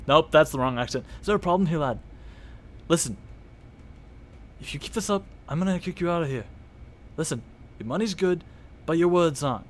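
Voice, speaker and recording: Casting: man as gruff tavern barkeep, blunt and threatening, a touch high, quiet and low-key. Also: expressive, fairly quick, pauses often, natural voice. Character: gruff wary male tavern bartender.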